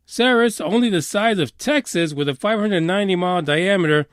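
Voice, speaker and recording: A man hosting a podcast in a profane, sarcastic rant, swinging between loud outbursts and low mutters. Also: moderate pace, no room sound, studio quality. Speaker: podcast host. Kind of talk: ranting podcast commentary.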